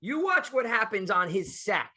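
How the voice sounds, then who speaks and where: A man's voice: high-pitched, big pitch swings, normal speed, pushed and bright, husky. A man hosting a casual sports podcast, talking in a rambling way with many restarts. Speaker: podcast host.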